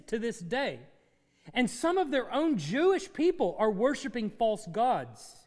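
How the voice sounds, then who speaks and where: A man's voice: sits high, big-room sound. A man preaching a sermon as pastor, asking his congregation questions and letting his voice rise and fall.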